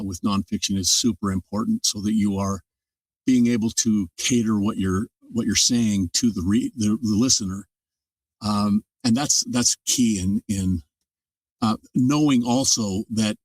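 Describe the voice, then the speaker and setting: Older man speaking low, set back from the mic. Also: darkish tone, husky, dry recording. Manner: thoughtful, explanatory. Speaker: audiobook narrator, guest. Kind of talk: casual interview talk. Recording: dry sound from a distant mic.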